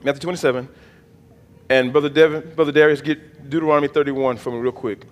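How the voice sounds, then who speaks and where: Speaking fast with a steady, mid-range voice, a bishop preaches to his congregation in the church sanctuary, trading call-and-response and folksy jokes. The sound carries like a large hall.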